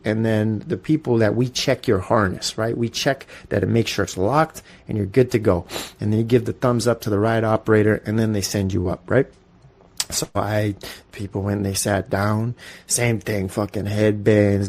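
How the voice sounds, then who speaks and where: A Canadian man in his forties, a podcast host telling casual, profane stories in an animated way. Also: on the low side, gravelly. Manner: animated, profane, storytelling with acted-out quotes. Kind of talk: casual storytelling monologue.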